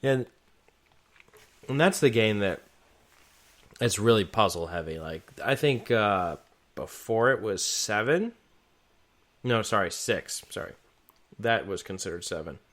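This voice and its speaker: A man's voice: on the low side, animated, measured pace, long pauses, fairly bright tone. A man co-hosting a podcast, chatting casually about video games with frequent restarts and fillers. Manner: rambling, many restarts and fillers. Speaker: podcast co-host. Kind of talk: casual gaming chat.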